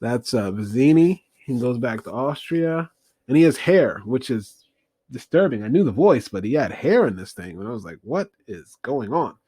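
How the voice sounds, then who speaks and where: A man's voice: medium pitch, big pitch swings, moderate pace, mellow, slightly rough, no room sound. Rambling man recapping a film. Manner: rambling, many fillers, wry asides. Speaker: movie review host.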